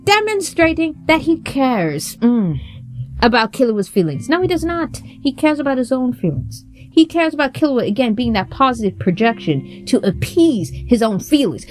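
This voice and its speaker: Woman host, casual commentary, profane and heated, animated delivery, faint guitar music behind. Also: sits high, moderate pace.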